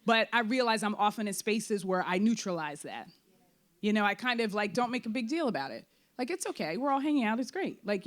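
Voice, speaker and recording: A woman speaking candidly at a post-show talkback about her play, full of fillers and quick acted-out bits of her own thoughts. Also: mid-range voice. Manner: animated, frequent fillers, acts out quoted thoughts. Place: theater before an audience.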